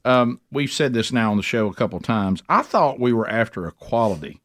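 A man's voice: mid-range voice, lively intonation, a little fast, fairly bright tone, no echo, clean studio sound. A middle-aged man hosting a radio talk show, talking emphatically with many restarts. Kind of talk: casual talk radio chat.

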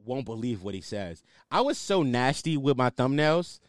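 Animated young man ranting casually. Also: medium pitch, moderate pace, no echo, studio quality. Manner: animated, ranting, swears freely. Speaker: podcast host. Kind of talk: casual solo commentary.

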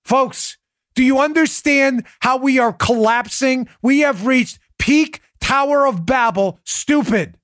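A man's voice: very high voice, takes it slowly, a bit bright, no room sound, clean studio sound. A man hosting a political commentary show, talking in an emphatic, mocking, sarcastic way. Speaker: podcast host.

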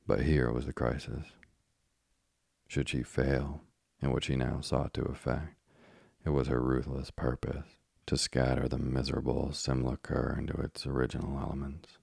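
A man narrating a classic tale as an audiobook, with measured, deliberate phrasing. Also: very deep voice, completely flat delivery, creaky, a little mellow, husky, no room sound, studio quality.

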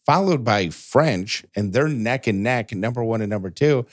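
A man's voice: medium pitch, animated, normal speed, no room sound. A man co-hosting a podcast in casual chat, with a dry joking manner, who also reads short news items. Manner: dry joking, stumbles and restarts. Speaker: podcast co-host.

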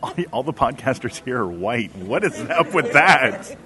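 A man's voice: mid-range voice, sing-song, normal speed, crowd noise. A man trading sardonic quips as a guest on a convention panel. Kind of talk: joking panel banter.

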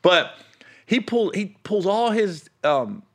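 A man's voice: sits high, sing-song, takes it slowly. A man, a touring stand-up comic, telling road stories in casual chat, often laughing and acting out other people's voices.

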